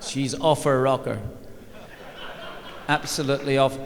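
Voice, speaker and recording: A man's voice: mid-range voice, little pitch movement, unhurried, a little hiss or hum. An older man, a former football manager, telling a wry, self-mocking anecdote on stage at a live event, with many fillers. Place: large arena at a live event. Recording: long reverb of a large hall.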